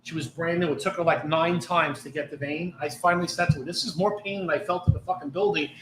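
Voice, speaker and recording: A man's voice: a little high, quick pace, echoey room, a little hiss or hum, rough recording. A middle-aged man, a former police officer, telling blunt, profane stories in casual podcast talk. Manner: blunt, heavy swearing, animated retelling. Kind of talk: casual storytelling.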